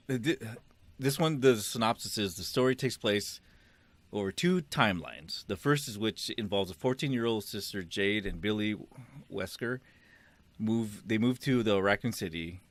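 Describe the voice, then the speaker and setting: Here a middle-aged man speaks a little slowly, his voice on the low side yet fairly bright, with no echo. Co-hosting a podcast, he chats casually, rambling, laughing a lot and swearing without fuss.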